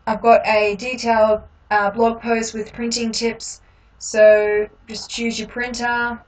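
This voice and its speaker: A woman hosting a step-by-step software tutorial, explaining each click in a relaxed way with frequent ums. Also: fairly high pitch, slow, distant mic, poor audio. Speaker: tutorial host.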